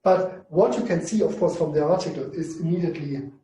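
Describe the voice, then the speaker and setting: Hesitant teacher. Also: male voice, fairly high pitch, brisk, warm tone, recorded from a distance. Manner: hesitant, many fillers and restarts. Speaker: Greek language teacher. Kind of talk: informal online lesson. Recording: echoey room, off-mic.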